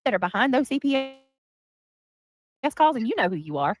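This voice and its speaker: Lively high-voiced woman streamer. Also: normal speed. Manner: chatty, reads out and thanks viewers. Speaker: livestream host. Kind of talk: casual livestream commentary.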